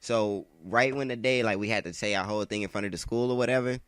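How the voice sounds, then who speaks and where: Man, lowish voice, dry sound, casual storytelling over gameplay, slangy, swears a lot, rambling. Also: quick pace, fairly bright tone, clear, resonant tone, dry recording. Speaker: gamer telling a story.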